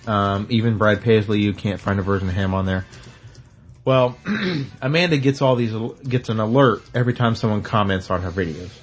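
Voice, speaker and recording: A man co-hosting a podcast, telling a rambling story in casual chat and often clearing his throat. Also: on the low side, moderate pace. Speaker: podcast co-host.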